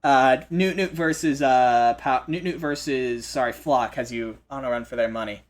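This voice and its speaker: A man hosting a live esports broadcast, commentating with excitable energy and frequent restarts. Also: medium pitch. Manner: excitable, fast restarts and repeated phrases. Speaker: esports play-by-play host.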